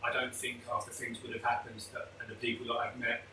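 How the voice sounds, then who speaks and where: A man's voice: mid-range voice, completely flat delivery, fast, pushed and bright, slight background noise. A man talking openly and emotionally as a guest, with many restarts. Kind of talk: candid conversational interview. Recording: echoey room, mic at a distance.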